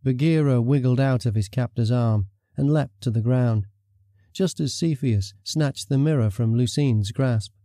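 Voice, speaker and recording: Man reading an audiobook, really dark mellow voice, dry close sound. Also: mid-range voice, no room sound. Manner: measured, even storytelling. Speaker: audiobook narrator. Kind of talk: scripted story narration.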